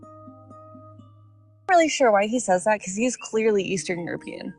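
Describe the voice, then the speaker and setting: A woman's voice: mid-range voice, expressive, normal speed, a little mellow, faint music behind. A woman in a casual live stream chat, teasing and bemused.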